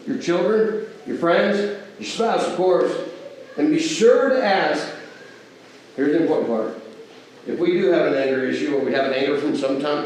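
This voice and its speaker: High-voiced man teaching in echoey church. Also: a little mellow, slight background noise. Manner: asks the audience rhetorical questions; acts out everyday quoted exchanges. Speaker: Bible class teacher. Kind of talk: conversational Bible class teaching. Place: church hall. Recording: echoey hall from far off.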